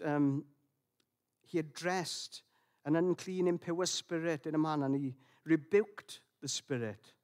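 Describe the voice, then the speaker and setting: A man preaching a sermon in a reflective, gentle way, with frequent restarts and fillers. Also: fairly high pitch.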